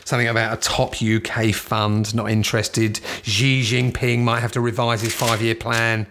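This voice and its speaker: A man's voice: mid-range voice, flat delivery, normal speed, a bit bright. Swearing, ranting man with a London accent. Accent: southeast London English. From England. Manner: profane, ranting, dismissive. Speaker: commentator. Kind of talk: casual newspaper read-through commentary.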